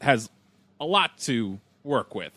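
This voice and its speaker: A man's voice: medium pitch, sing-song, takes it slowly, bright, forceful tone, dry recording. A man co-hosting a casual movie podcast, agreeing and chiming in with chuckles. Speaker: podcast co-host. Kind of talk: casual film discussion.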